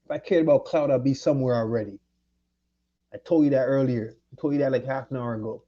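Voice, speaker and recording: Fast and mid-range, a Jamaican man's voice rants angrily at someone during his livestream, full of profanity and confrontation. The audio sounds dull.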